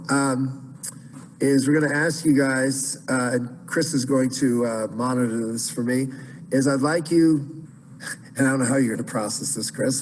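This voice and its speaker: A man's voice: mid-range voice, darkish tone, big-room sound, slight background noise, rough recording. A man teaching Byzantine chant in an online class, explaining casually with many fillers and restarts.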